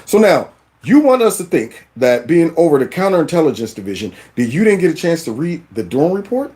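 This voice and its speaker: A man's voice: a little high, very animated, brisk, warm tone. A man hosting political commentary, reacting in an exasperated, incredulous, colloquial way.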